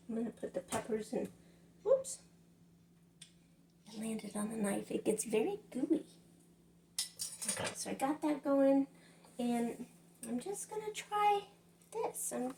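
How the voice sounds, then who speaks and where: A woman's voice: fairly high pitch, vocal fry, darkish tone, far from the mic, slight background noise. A middle-aged woman with a Southern US accent chatting to her viewers while she cooks at home, rambling and addressing them as y'all. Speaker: cooking vlogger. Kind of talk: casual kitchen vlog chat. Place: home kitchen. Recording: echoey kitchen, voice from off-mic.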